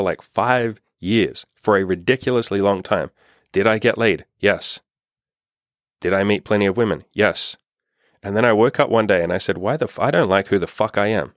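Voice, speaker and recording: A man's voice: low voice, no echo, studio quality. A young man coaching on dating in a blunt, profane, impassioned casual monologue.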